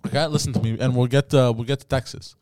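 A man's voice: medium pitch, fairly even intonation, fast talker, a little mellow, a little hiss or hum. A man co-hosting a casual podcast, telling a story and acting out both sides of the conversation, swearing freely. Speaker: podcast co-host.

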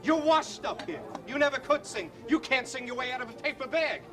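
An actor playing a frantic, short-tempered middle-aged restaurant owner who yells at his staff, in a film clip. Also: very high-pitched, expressive, a little fast. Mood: exasperated. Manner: exasperated, shouting insults. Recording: film clip with loud music and crowd.

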